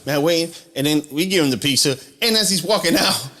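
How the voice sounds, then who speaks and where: A young man on a casual podcast, telling a work story excitedly and laughing between lines. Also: fairly high pitch, fairly quick. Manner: excited, laughs and mimics customers. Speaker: podcast co-host.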